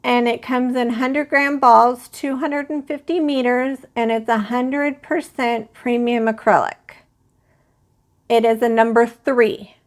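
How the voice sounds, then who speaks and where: A woman with a slightly high voice hosts a casual crochet live stream. She talks slowly and rambles, chatting with viewers in the chat. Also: fairly even intonation. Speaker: crochet channel host.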